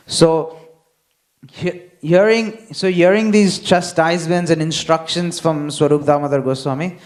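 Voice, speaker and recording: A man with a slightly high voice delivers a devotional class at an easy, unhurried pace. He checks in with the listeners again and again and acts out the voices in the stories he tells. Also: darkish tone. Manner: unhurried, frequent "hmm?" check-ins, acts out quotes. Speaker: temple speaker.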